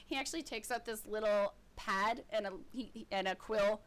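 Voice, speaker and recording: A woman narrating as game master of a tabletop game, lively and quick to laugh. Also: mid-range voice.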